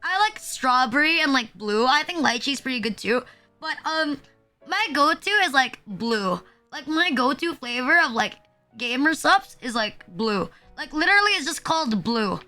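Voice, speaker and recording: Bright, high-voiced young woman streamer. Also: big pitch swings, moderate pace, faint music behind. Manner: rambling, filler-heavy, swears casually. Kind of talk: casual live-stream chat.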